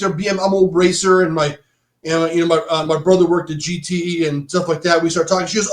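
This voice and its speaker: On a podcast, a middle-aged man who used to own a bike shop chats casually about his time there, rambling, restarting often, and saying "dude" a lot. His voice is high and fairly quick, and the room gives off a noticeable echo.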